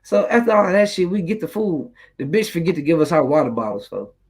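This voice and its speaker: A young man tells a story in a casual, rambling way. His voice sits fairly high, and his talk is full of street slang and cursing. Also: lively intonation, fairly quick, a crowd in the background, poor audio. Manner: streetwise slang, loose and rambling, swears freely. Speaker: YouTuber telling a story.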